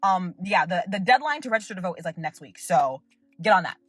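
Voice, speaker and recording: A woman's voice: lowish voice, lively intonation, fast, slightly rough, no room sound, faint music behind. A young woman hosting her own show, giving an emphatic, rambling commentary full of filler words. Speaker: podcast host and content creator. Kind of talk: casual commentary rant.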